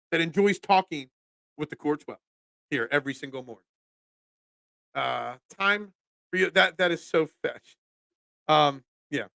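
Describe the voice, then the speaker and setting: Guy doing a morning sports talk show, high voice, ranty and animated, dry close mic. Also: no room sound. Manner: animated, ranting, self-deprecating. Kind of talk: casual live-stream sports talk.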